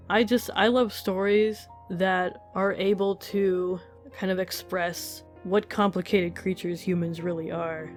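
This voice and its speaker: A woman giving a casual, emotional spoken review of a manga chapter, laughing often and gushing, with many fillers. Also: fairly low pitch. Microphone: desk mic while reading.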